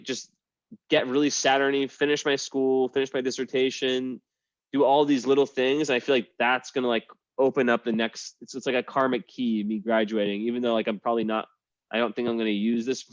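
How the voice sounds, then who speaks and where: A man's voice: mid-range voice, no echo, dull audio. Rambling man on a dry video call. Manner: rambling, many fillers and restarts. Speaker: host. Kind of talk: casual group video chat.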